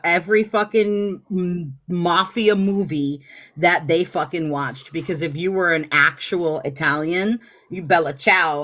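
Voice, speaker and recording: A woman's voice: lowish voice, fairly bright tone. A woman hosting a casual political panel, swearing a lot and mocking people with heated sarcasm. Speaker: host. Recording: dull lo-fi stream audio.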